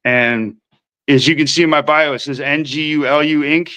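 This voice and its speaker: A man's voice: fairly high pitch, steady tone, moderate pace, sharp tone, clean tone, rough recording. A man from Minnesota telling his recovery story as a podcast guest, rambling and slangy, acting out what people said. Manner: rambling, slangy, acts out quoted voices. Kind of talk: casual storytelling.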